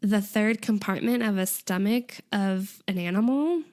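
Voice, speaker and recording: A woman's voice: medium pitch, unhurried. A young woman co-hosting a casual podcast, retelling an episode with lots of "like" and laughter. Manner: animated storytelling, frequent "like" and laughter. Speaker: podcast co-host.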